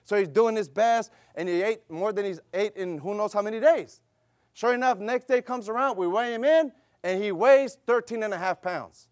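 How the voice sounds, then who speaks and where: Pastor, middle-aged man, very high voice, dry close sound, emphatic preaching. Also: moderate pace, no room sound. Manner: emphatic, repetitive preaching with call-and-response. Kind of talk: sermon with personal story.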